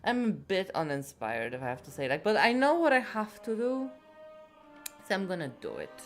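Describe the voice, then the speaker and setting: A woman's voice: lowish voice, huge pitch swings, moderate pace, faint music behind. A woman game streamer chatting casually, rambling and swearing freely. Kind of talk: casual chat.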